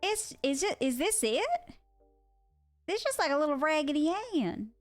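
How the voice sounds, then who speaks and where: High-voiced excitable young woman streamer. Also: moderate pace. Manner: excitable, swears freely, loud outbursts. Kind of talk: casual live-stream chat. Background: faint music.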